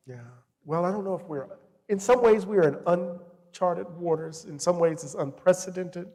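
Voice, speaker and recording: A middle-aged man speaking as a guest scholar in an interview, telling stories with passion and reflecting aloud. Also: on the high side. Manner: passionate storyteller, animated and reflective. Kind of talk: interview conversation. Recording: reverberant hall.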